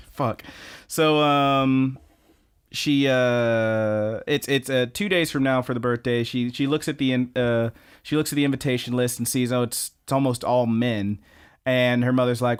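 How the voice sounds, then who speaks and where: A man's voice: mid-range voice, fairly even intonation, unhurried, smooth. A young man co-hosting a podcast, recapping episodes in casual, profane chat with lots of fillers. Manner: profane, rambling with many fillers. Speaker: podcast co-host.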